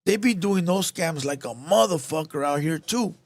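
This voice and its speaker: A man's voice: fairly high pitch, lively intonation, normal speed, no echo. Profane slangy man telling a heated story. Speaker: show host telling a story to chat. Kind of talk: casual storytelling rant.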